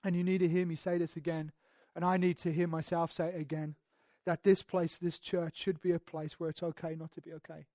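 A male pastor preaching a sermon in a church, earnest, moving between hushed passages and emphatic ones and often restarting his words. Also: a little high, level tone, a little fast, no room sound, clean studio sound. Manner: repeats words when restarting.

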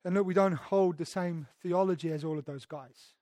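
A man's voice: high voice, moderate pace, warm tone, no echo. Man preaching conversationally, dry sound. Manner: conversational preaching, emphatic, often repeats words. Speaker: pastor. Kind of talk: sermon.

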